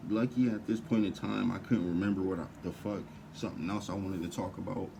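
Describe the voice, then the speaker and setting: Deep, low-pitched man for a heated, profane, rambling vlog rant. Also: fairly even intonation, fairly quick, creaky, noisy background. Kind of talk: casual rant to camera.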